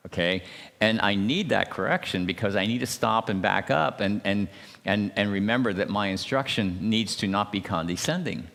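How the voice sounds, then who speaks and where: A man speaking at a church marriage seminar, talking haltingly with many restarts and checking in with his listeners by asking "okay?". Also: fairly low pitch, creaky, a bit bright. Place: church hall. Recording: long hall reverb.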